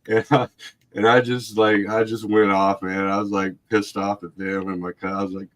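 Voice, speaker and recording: A man's voice: lowish voice, little pitch movement, brisk. Rambling man telling a story. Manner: rambling, laughing, swearing, acts out voices. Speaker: livestream guest. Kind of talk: casual storytelling.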